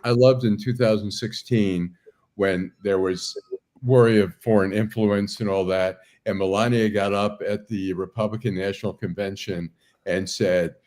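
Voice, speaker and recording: A man's voice: lowish voice, steady tone, moderate pace, a little mellow. A man on a talk panel, telling an anecdote in an amused way. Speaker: panel guest. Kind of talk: casual panel chat.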